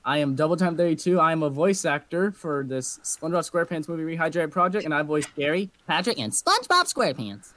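A man jokes dryly in a casual chat, his fairly high voice swinging widely in pitch. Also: big pitch swings, fast, few pauses, sharp tone, no room sound. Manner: dry and jokey. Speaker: voice actor guest.

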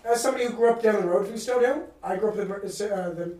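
A man's voice: sits high, racing, mellow, recorded from a distance. Rambling, profane man in a roomy room. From New England. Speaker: podcast host. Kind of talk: casual chat. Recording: roomy sound from off-mic.

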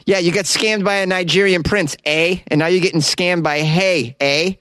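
A man's voice: high-pitched, fairly even intonation, a bit bright, no room sound, studio quality, pitched above the performer's own voice. A man voicing a gullible, cheerful Canadian in an exaggerated mock Canadian accent, ending his sentences with "eh". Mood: gullible, folksy. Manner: tags sentences with a drawn-out "eh", sing-song.

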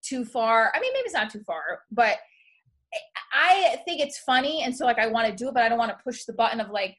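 A woman's voice: on the high side, brisk. A woman hosting a podcast, telling a story in casual comedic chat and acting out what people said. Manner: animated storytelling, acts out quotes. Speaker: podcast host.

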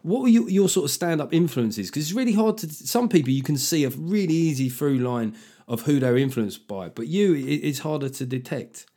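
A man hosting a podcast, asking questions in a casual, halting way with many restarts. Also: fairly high pitch, expressive, warm tone. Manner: halting restarts, laughs easily. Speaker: podcast host. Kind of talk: casual interview chat.

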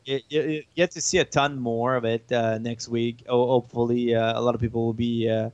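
A man whose first language is French, a game developer explaining his work in a casual interview, halting and chuckling as he talks. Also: medium pitch, flat delivery, dry recording, highs cut off.

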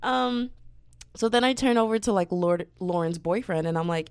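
A young woman vlogger telling a story in a casual, slangy, animated way, laughing and swearing often. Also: medium pitch, normal speed, clean tone, no echo.

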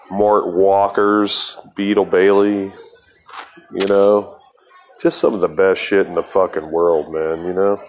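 Low-voiced profane man telling a story. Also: a little hiss or hum. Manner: profane, rambling, laughs between lines. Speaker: podcast host. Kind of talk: casual storytelling monologue.

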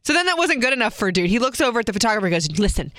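A chatty young woman tells a casual story, full of wry asides and quick acted-out quotes. Her voice is smooth and clean, recorded close in a dry, dead room. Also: a little high, big pitch swings, sharp tone, no room sound. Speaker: vlogger, mother.

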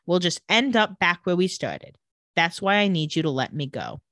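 A woman's voice: fairly low pitch, very animated, normal speed, a bit bright, no room sound, studio quality, voice pushed down. A woman reading out an earnest, torn young woman who pleads her case, for a podcast recap.

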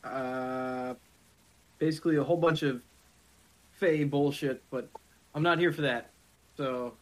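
A man's voice: medium pitch, fairly even intonation, a little slow, lightly acted. A man voicing a small, rude male kobold mimic who curses and snaps sarcastically. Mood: irritated. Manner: cursing, irritable, sarcastic.

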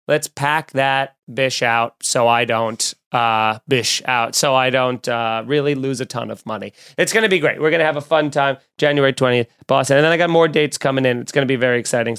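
A man's voice: a little high, a bit bright, clean tone. A man hosting a comedy podcast, chatting casually in a loose, rambling, jokey way. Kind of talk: casual podcast chat and plugs.

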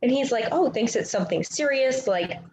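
A woman's voice: on the high side, lively intonation, fairly quick, a little mellow, roomy sound, a little hiss or hum, poor audio. A woman co-hosting a casual sports chat, telling stories emotionally and laughing easily. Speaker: podcast co-host.

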